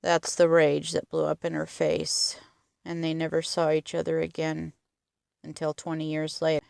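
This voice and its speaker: A woman's voice: on the low side, unhurried, vocal fry, clean tone, no room sound, clean studio sound. A woman retelling a film's plot in earnest detail, stressing its emotional moments. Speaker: film reviewer.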